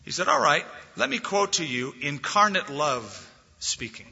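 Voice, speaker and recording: A man pastor delivering a sermon, telling stories with animated delivery and rising loudly when quoting scripture. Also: on the high side, measured pace, gravelly, breathy edge. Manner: animated storytelling, swelling loud on scripture quotes. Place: church sanctuary. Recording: dull lo-fi recording in a reverberant hall.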